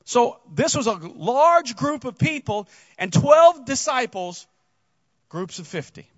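In a relaxed sermon, a pastor with a very high voice takes his time, retelling the story with animation and repeatedly restarting sentences. The sound is dry and dull, with no room around it.

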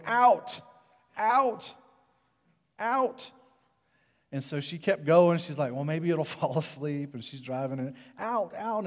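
A man preaching a sermon earnestly, moving between loud urging and soft, hushed passages. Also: on the high side. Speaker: pastor. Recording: long hall reverb.

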